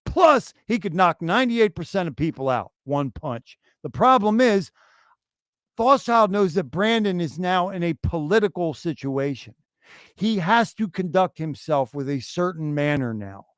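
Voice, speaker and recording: A man's voice: high voice, lively intonation, measured pace, no echo, clean studio sound. A man co-hosting a casual crypto livestream, ranting profanely and animatedly, often slipping into mocking impressions of others. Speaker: co-host. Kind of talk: casual crypto stream chat.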